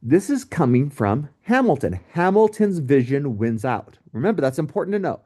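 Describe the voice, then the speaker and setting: A male teacher talks through a recorded history lecture in a relaxed, joking way. His pitch moves a lot, rising and falling through every sentence. He keeps throwing in asides to his students. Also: moderate pace, hardly any pauses.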